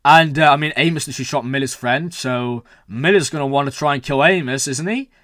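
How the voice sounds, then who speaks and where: Excitable young man, dry close sound. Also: mid-range voice, brisk, no echo. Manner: rambling, excitable, swears, frequent "like" and "man". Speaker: reaction video host. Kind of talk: excited casual reaction talk.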